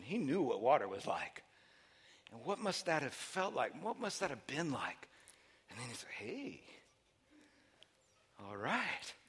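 A man preaching a sermon, telling a story with lively buildups into shouting. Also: sits high, husky.

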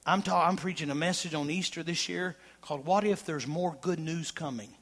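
A male pastor preaching a sermon, swinging from loud emphatic declarations to hushed, intimate tones. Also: a little high, moderate pace.

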